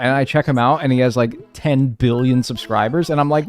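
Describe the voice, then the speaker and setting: A man's voice: mid-range voice, fairly quick, few pauses, clean tone. A man chatting casually and profanely while streaming a video game, rambling through stories. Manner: rambling, profane, animated storytelling with mimicked voices. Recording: faint music behind.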